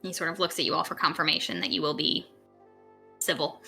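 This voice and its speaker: A woman's voice: low-pitched, brisk, vocal fry, bright, forceful tone, faint music behind. A woman narrating a tabletop game as game master, giggly and loose, with lots of fillers.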